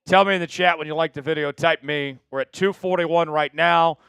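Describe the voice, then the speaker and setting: A man's voice: a little high, a little fast, gravelly, clean tone, dry recording, faint music behind. A man hosting a live draft stream, chatting casually with viewers and hyping each pick. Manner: chatty, excitable, hypes viewers for likes.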